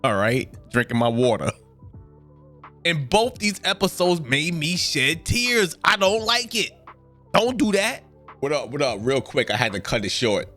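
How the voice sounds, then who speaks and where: A man's voice: on the high side, big pitch swings, unhurried, pushed and bright, faint music behind. A man hosting a reaction video, talking casually and often breaking into exclamations. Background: show audio playing.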